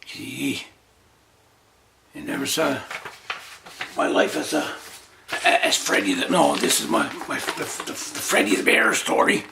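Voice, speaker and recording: A man's voice: a little high, very animated, a little slow, vocal fry, long pauses, sharp tone. A man doing a rambling comic commentary on his own tall tales, dryly repeating that it was all boring.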